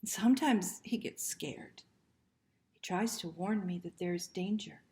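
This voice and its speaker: Children's librarian, woman, unhurried storytime reader, soft and gentle, slips into hushed near-whispers, quizzes the kids as she reads. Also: fairly low pitch, slight background noise. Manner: gentle, soft-spoken, talks to children with questions. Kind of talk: reading a picture book aloud to children.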